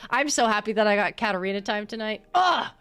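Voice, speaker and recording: A young woman streaming, chatting casually with her viewers while she plays, bubbly and quick to laugh. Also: medium pitch, lively intonation, a bit bright, smooth, soft background music. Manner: bubbly, laughs often, talks back to chat. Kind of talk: casual livestream chat while gaming.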